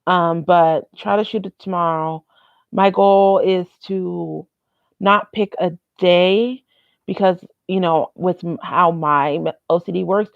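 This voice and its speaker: Speaking in a fairly low, creaky voice, a young woman rambles candidly through a casual vlog, cursing freely. The sound is dry and phone-quality.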